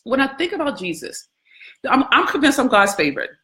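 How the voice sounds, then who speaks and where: High-voiced woman musing casually. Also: big pitch swings, fairly quick, bright, forceful tone. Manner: conversational, questioning, profane, often laughing. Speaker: host. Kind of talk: casual scripture contemplation.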